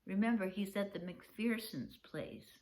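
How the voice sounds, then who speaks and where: An older woman, a grandmother, reading a children's chapter book aloud gently and showing its pictures. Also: medium pitch, lively intonation. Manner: gentle, unhurried, shows pictures. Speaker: storyteller.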